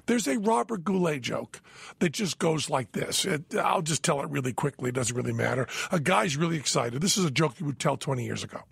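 A man co-hosting a podcast in casual chat, a lively storyteller who acts out voices, with a gravelly, husky voice. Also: on the high side, a little fast, no echo. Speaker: podcast co-host. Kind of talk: casual chat, telling an anecdote.

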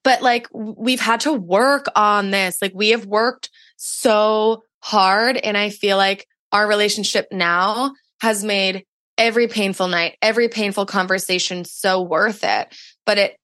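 This young woman, a podcast guest, recounts something personal in a casual, conversational way, peppering it with "like." She speaks at a measured pace in a steady, medium-pitched, fairly bright voice, captured cleanly in a studio with no echo.

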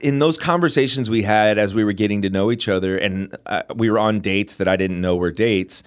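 A man as an interview guest, chatting in an animated way and telling a personal story with lots of fillers. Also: fairly low pitch, fairly quick. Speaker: guest telling how he met his wife. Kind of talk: casual storytelling.

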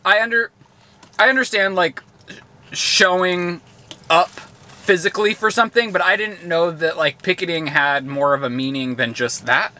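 A man's voice: sits high, normal speed, pushed and bright. A young man co-hosting a podcast, teasing and asking curious questions in casual chat while eating. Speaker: podcast co-host.

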